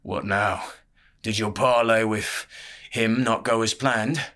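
A man voicing a greedy, wary old male barkeep who talks gruffly and says "aye". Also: fairly low pitch, fairly even intonation, slow pace, pushed and bright.

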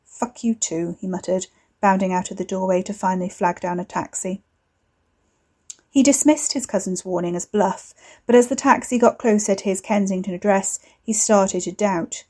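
Woman reading her story, mellow voice, wry and measured. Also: mid-range voice. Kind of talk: scripted narration.

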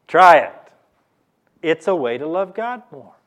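Slow, emphatic male preacher. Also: on the high side, sing-song, a bit bright. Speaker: pastor. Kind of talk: sermon.

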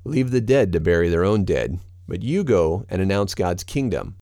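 A man reading a calm, solemn teacher's words. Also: low voice, moderate pace, dry recording, studio quality. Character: calm, authoritative male teacher.

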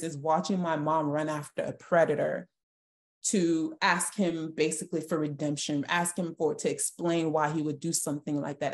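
A young woman with a low, deep voice recounts her own story as a podcast guest. She speaks earnestly and emotionally, often stopping and restarting her sentences. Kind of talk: personal testimony in a podcast interview.

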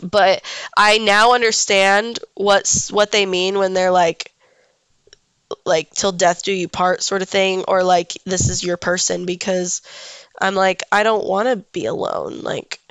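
A young woman talks through a solo podcast, congested but still smooth-toned. She speaks candidly and rambles, with plenty of fillers and the odd swear word. The recording is close and dry, with no room sound. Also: medium pitch, level tone, slow pace, a bit bright, no room sound. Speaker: podcast host.

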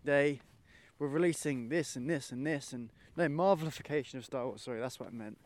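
A man's voice: mid-range voice, fairly quick. A young man co-hosting a podcast in easygoing, agreeable chat, steering the talk onward. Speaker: podcast co-host. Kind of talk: casual chat.

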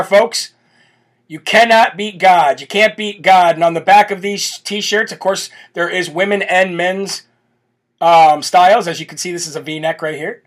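A man hosting a live talk show, talking animatedly to his viewers and often laughing. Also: high-pitched. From United States. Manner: animated, laughing, mock accents. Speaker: host.

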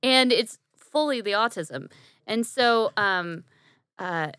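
A woman co-hosts a podcast, chatting casually and laughing often. Her voice is bright and forward, and it sits close and dry with no room around it. She jumps in over the others now and then. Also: mid-range voice, animated, slow, clear, resonant tone, no echo. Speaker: podcast co-host. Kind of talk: casual chat.

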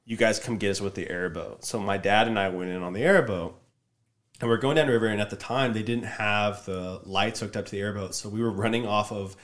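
A man telling a story in casual podcast chat, acting out shouted lines with energy. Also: fairly low pitch, fairly quick. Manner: animated, loud when acting out shouted lines.

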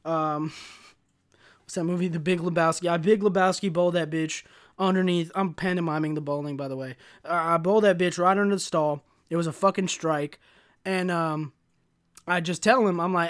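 Young man, slightly raised pitch, casual podcast storytelling, swears a lot, slangy, animated. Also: moderate pace. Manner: profane, animated, slangy ("bro", "dude"). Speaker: podcast host. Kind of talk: casual solo storytelling rant.

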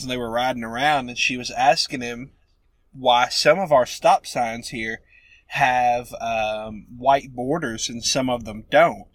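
A man co-hosting a podcast, joking around in casual banter and quick with quips. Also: mid-range voice, fairly bright tone, no room sound. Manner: jokey, quick with quips and laughter.

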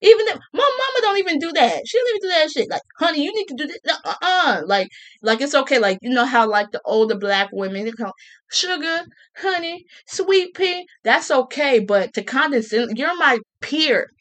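A woman ranting casually to her viewers, sassy and animated, with colloquial speech, repeated words and mocking quoted voices. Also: high-pitched, moderate pace. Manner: colloquial, with many restarts and repeats. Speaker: vlogger. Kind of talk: casual rant to camera.

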